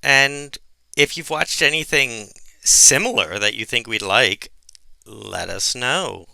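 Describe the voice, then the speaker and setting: Podcast guy with a gravelly, sharp voice, animated chat, dry close sound. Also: medium pitch, takes it slowly, no echo. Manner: animated, laughs while telling stories; mimics voices in quoted anecdotes. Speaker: podcast co-host. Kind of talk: casual chat.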